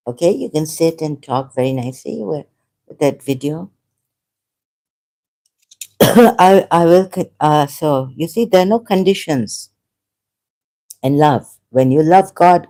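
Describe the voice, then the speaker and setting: A woman's voice: lowish voice, dark tone. A woman talking in an unscripted monologue as an online commentator, impassioned and rambling, often repeating herself.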